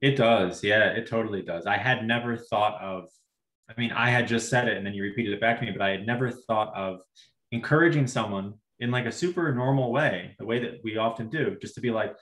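A man, a social worker, talking through his thoughts in a casual podcast conversation, halting and restarting his sentences. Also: lowish voice, a bit bright, roomy sound.

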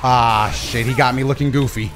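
A man streaming a fighting game, commenting live and swinging between low mumbles and excited shouts. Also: normal speed. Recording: game music underneath.

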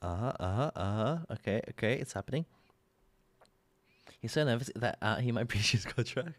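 A man's voice: medium pitch, expressive, normal speed, no room sound. An Australian man live streaming, chatting casually and rambling through a sponsored ad with frequent laughs and self-corrections.

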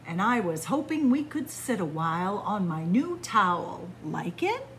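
A woman voicing a gentle, kindly old grandpa duck in a storybook read-aloud, soft and reassuring. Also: medium pitch, big pitch swings, a little slow, slight background noise, poor audio.

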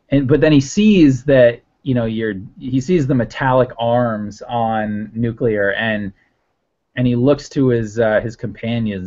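A man's voice: medium pitch, slow, dark tone. A man narrating a tabletop game as game master, rambling with many fillers. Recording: dull lo-fi audio.

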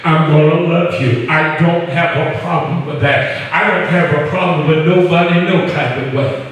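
Folksy pastor in an echoey hall. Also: male voice, on the high side, steady tone, normal speed. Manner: folksy, conversational preaching with asides to the congregation. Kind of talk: sermon. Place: church hall. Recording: echoey hall, distant mic.

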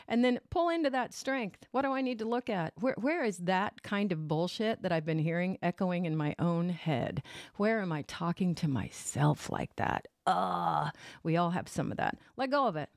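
A woman hosting a casual tarot podcast, expressive and animated, laughing often as she talks. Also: on the low side, normal speed, vocal fry, dry recording, clean studio sound. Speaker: podcast host and tarot reader. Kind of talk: casual solo podcast chat with a tarot reading.

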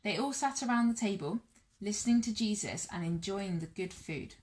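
A woman reading a Bible story aloud to children and families in a church all-age session, measured and warm. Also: medium pitch, expressive.

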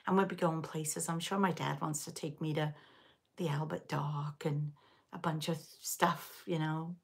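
A woman's voice: low-pitched, fairly even intonation, unhurried, gravelly, slightly rough. A middle-aged woman from Liverpool hosting a casual live stitch-along chat, rambling and answering viewers as she goes. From England, Liverpool area. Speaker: knitting channel host. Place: home.

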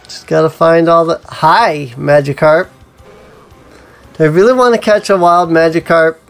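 A man talks his way through a video game in an easy, casual commentary, thinking aloud and filling pauses with ums. His voice sits a touch high for a man and he takes his time. Faint game music plays underneath. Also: steady tone, vocal fry, clear, resonant tone. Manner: musing to himself with frequent ums. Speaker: let's play host.

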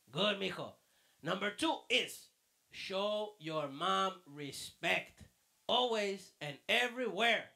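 A man's voice: high voice, lively intonation, takes it slowly, vocal fry, sharp tone. A man teaching a children's church lesson in a fatherly way, then quizzing the kids. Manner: fatherly, calls the listener mijo.

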